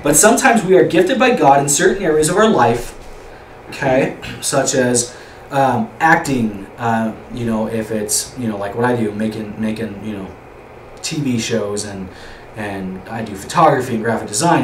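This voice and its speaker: A man's voice: medium pitch, moderate pace. Young male youth leader, loose chatty teaching style, recorded from across a room with faint background noise. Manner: rambling, repeats words, asks the group questions. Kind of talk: informal youth group teaching. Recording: roomy echo, distant mic, faint room noise.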